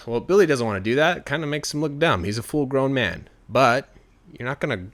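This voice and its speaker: A man telling a folk tale in a relaxed, conversational way, adding asides like "you know". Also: mid-range voice, brisk. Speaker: storyteller. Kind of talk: casual spoken storytelling.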